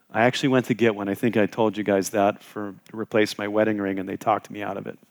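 A middle-aged man preaching an expository sermon in a conversational way, asking the congregation questions and repeating words as he goes. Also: lowish voice. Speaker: pastor teaching a Bible passage.

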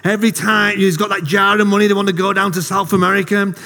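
A man's voice: high-pitched, level tone, quick pace, creaky, pushed and bright. A man in his thirties giving a casual, jokey sermon to a congregation, telling self-deprecating stories. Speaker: lay preacher. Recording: long hall reverb.

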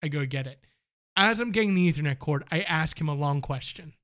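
A man telling a story in casual chat, animated, acting out both sides of phone calls. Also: a little high, brisk.

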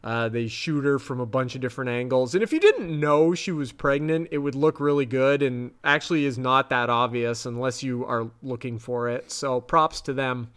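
A man co-hosting a podcast, casually recapping a TV episode in an animated way and jumping up high when he is grossed out. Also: moderate pace, few pauses, clean tone. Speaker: podcast co-host.

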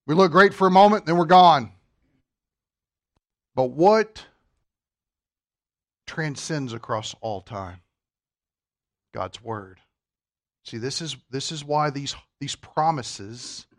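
A man preaching a sermon, putting questions to the congregation, with wide emphatic swings between loud and soft. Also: on the high side. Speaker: pastor.

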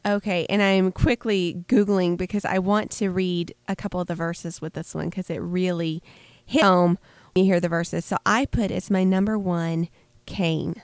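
A woman co-hosting a casual Bible discussion podcast, talking in an animated, emphatic way and teasing her co-hosts. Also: on the low side, moderate pace, no room sound. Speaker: podcast co-host.

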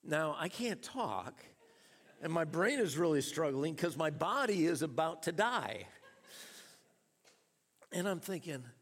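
A man delivers a sermon in a church hall, his voice sitting a little high and swinging widely in pitch. He preaches as a storyteller, chuckling along the way, and the sound carries a long reverb from the hall. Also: big pitch swings, slow, long pauses. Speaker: pastor.

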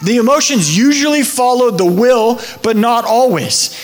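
A man's voice: very high-pitched, expressive, measured pace. A man preaching a conversational sermon, chatty and often checking in with "right?". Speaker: pastor.

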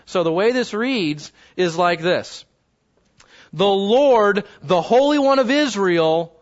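High-voiced man teaching a Bible class. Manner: conversational, questions the class often and reads scripture slowly. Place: in front of a live group. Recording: dull lo-fi recording.

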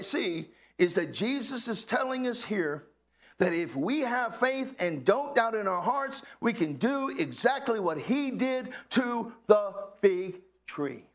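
High, lively gravelly preacher man. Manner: preaching with rising exclamations and questions to the congregation. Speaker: pastor. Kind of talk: sermon. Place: church hall with a congregation.

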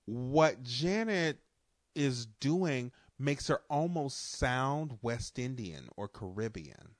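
A man's voice: medium pitch, animated, slow, dry recording, clean studio sound. A man co-hosting a casual chat, who lives in a port city and talks with frequent laughs, restarts and casual swearing. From New Orleans area. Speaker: podcast co-host.

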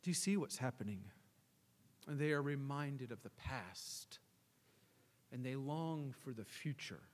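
A male pastor preaching a sermon, swinging between hushed and emphatic delivery. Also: mid-range voice, animated, measured pace, long pauses, in a large hall.

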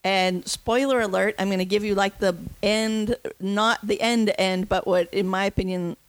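A woman hosting a casual film discussion, telling stories in an excited, rambling way with many restarts. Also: mid-range voice, normal speed, no echo. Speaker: podcast host.

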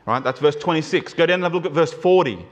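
A male preacher giving a sermon to a church in an emphatic, animated manner, slowing down and speeding up to stress points. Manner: animated, emphatic, shifts pace and pitch for emphasis.

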